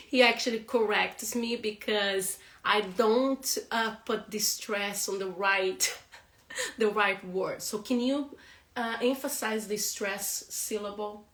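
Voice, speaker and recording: A woman, a non-native English speaker, giving a casual pronunciation lesson, laughing often and repeating words slowly. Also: medium pitch, fairly bright tone, reverberant. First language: not English. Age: adult with a young son.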